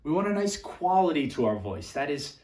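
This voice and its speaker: Young guy coaching people on talking, kinda high voice, echoey room, jumps into little demos. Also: a little fast. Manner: lively, demonstrates voices with big jumps in pitch and volume. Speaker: dating and social coach. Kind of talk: teaching to camera, demonstrating voice examples.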